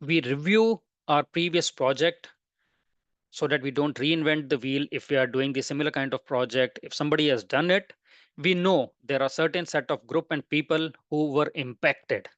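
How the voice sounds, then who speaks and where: Man, webinar presenter, methodical, listing terms, slightly high voice, dry close sound. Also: normal speed, fairly bright tone, dry recording, highs cut off. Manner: methodical, explains by listing terms one after another. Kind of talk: webinar lecture.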